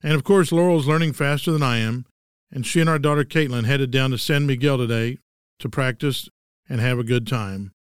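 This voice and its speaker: With a fairly quick delivery, this man in his sixties from Texas hosts a scripted monologue alone, his humor dry and wry. The recording has no echo or room sound, and his voice comes across smooth and resonant at a typical pitch.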